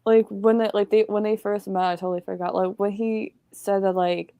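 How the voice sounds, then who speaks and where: A woman's voice: medium pitch, flat delivery, normal speed, warm tone, clean tone, no echo, clean studio sound. A woman co-hosting a casual film review chat, talking in a chatty way with constant "like" fillers. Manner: chatty, fills speech with "like".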